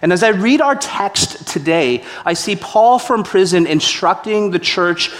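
Male pastor with a slightly high voice, telling lively sermon stories in a church hall with a long echo. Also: measured pace. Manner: animated storyteller acting out quotes. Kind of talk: sermon storytelling.

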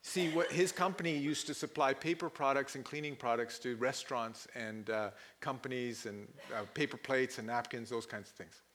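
A man preaching a sermon, telling a story animatedly and acting out the people in it with loud bursts of laughter. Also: medium pitch, normal speed, hardly any pauses, slight background noise. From Pakistan. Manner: animated, laughing, acts out quoted people loudly. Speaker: pastor.

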